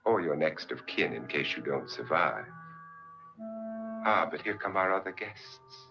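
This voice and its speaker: A man's voice: very deep voice, expressive, unhurried, vocal fry, full character voice, rough recording. An actor playing a suave, wealthy man hosting a sinister party, speaking in a dry, sardonic way in a 1950s horror film. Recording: old film soundtrack with music behind.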